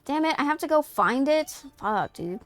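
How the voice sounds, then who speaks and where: A woman streamer on a headset, reading game text aloud and reacting in an excitable, profane, giggly way. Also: high voice, normal speed, soft background music. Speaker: streamer playing a video game.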